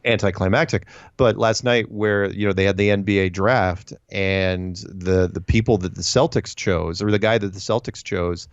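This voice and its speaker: A low-voiced man chatting as an interview guest, animated and full of restarts, slipping into quoted voices as he tells his story. His voice comes through dry and a bit dull, like lo-fi remote audio. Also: moderate pace, hardly any pauses, no echo.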